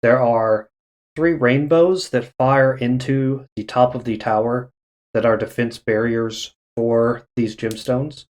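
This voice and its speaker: A man narrating a tabletop game as dungeon master, unhurried and halting with many fillers. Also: mid-range voice, steady tone, a little mellow.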